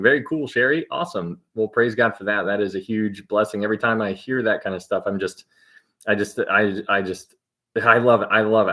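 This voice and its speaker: Host, male, lowish voice, upbeat and chatty, reads viewer comments aloud and thanks them by name. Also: a bit bright. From Ohio, United States. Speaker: livestream host of a Bible teaching. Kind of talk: casual chat greeting live viewers.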